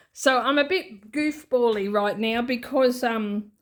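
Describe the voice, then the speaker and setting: A woman's voice: a little high, takes it slowly. An Australian woman talking in a rambling, chatty way with many asides, in an unscripted casual vlog. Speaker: budgeting vlogger.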